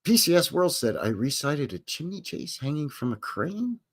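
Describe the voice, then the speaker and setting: A man's voice: on the high side, big pitch swings, moderate pace. Rambling man hosting a livestream. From Canada. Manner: rambling, jokey, acts out voices. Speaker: livestream host. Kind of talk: casual livestream chat.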